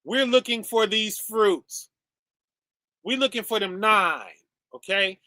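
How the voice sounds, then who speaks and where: A man preaching casually over a stream, conversational and relaxed, often checking in with "right?" and "okay?" and calling his listeners "y'all" and "fam". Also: high-pitched, slow, no room sound, clean studio sound.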